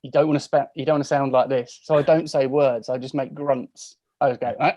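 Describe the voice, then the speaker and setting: A man's voice: mid-range voice, fairly even intonation, a little fast, dark tone, no echo. A man in his forties from England, chatting as a podcast guest on a video call, telling stories in a chatty, self-mocking way. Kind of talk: casual chat.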